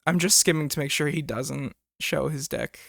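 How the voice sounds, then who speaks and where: A man's voice: fairly high pitch, fairly even intonation, normal speed, gravelly, fairly bright tone, dry recording, clean studio sound. A man streaming, reacting to a clip with crude jokes. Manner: crude, joking, laughs often. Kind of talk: live stream reaction commentary.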